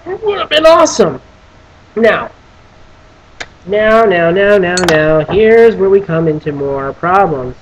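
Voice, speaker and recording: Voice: mid-range voice, slow, pauses often, a little hiss or hum, rough recording. A film reviewer on a casual video who rants with lots of swearing and restarts. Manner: animated, profane ranting with many restarts; breaks into voicing characters.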